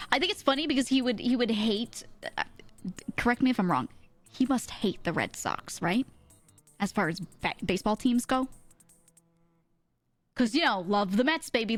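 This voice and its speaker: A woman's voice: a little high, fairly bright tone, dry recording. A young woman with a mix of South Jersey and Philadelphia accent, chatting casually with her stream chat and laughing often.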